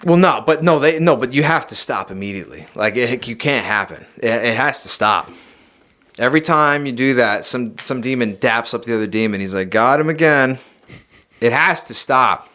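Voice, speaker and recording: A young man on a podcast, talking in a loud, preachy, emphatic way and swearing freely in casual chat. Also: mid-range voice, normal speed. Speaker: podcast guest.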